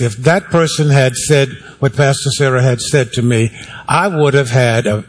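A male pastor preaching a sermon to his congregation in a wry, conversational way, asking for amens and hands raised. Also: mid-range voice. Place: church sanctuary.

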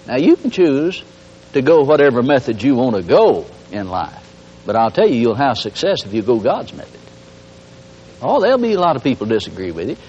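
A man's voice: medium pitch, big pitch swings, a little fast, a little mellow, breathy edge. A man preaching a radio sermon, folksy and homespun, with emphatic rising calls. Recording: dull lo-fi broadcast audio.

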